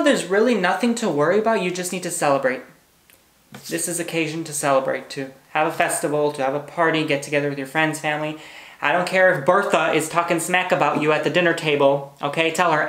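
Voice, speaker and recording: A man's voice: fairly high pitch, a bit bright, roomy sound. A man giving a pick-a-card tarot reading, bubbly and hyper, gushing and repeating words. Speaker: tarot reader.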